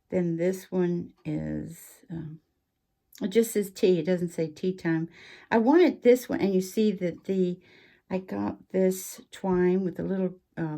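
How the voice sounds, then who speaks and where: Woman host, low mellow voice, chatty craft walkthrough with ums. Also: vocal fry. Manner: chatty, rambling, with frequent ums and asides. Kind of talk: casual craft show-and-tell chat.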